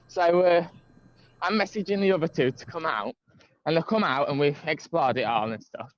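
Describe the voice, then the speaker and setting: A man's voice: on the high side, normal speed, dry recording, dull audio. Rambling man on a call. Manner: rambling, many fillers and restarts. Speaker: guest caller. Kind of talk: casual storytelling chat. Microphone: video call.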